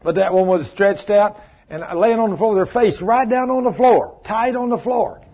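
Husky-voiced guy preaching hard in church, kinda high voice, muffled dull recording. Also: moderate pace. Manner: fervent, storytelling, reading scripture aloud. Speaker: pastor. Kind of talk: sermon.

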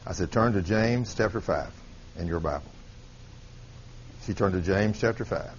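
A man's voice: low-pitched, normal speed. A man preaching a sermon, telling a testimony story with quoted dialogue and rising to emphatic peaks. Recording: dull lo-fi sermon recording with faint hiss.

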